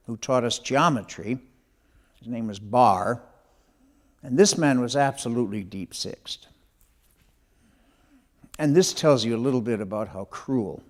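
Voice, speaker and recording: An older man tells a personal memoir story, his voice rising and falling with lots of life. He talks in a conversational, animated way, like an author recalling his schooldays. His pitch sits in an ordinary middle range.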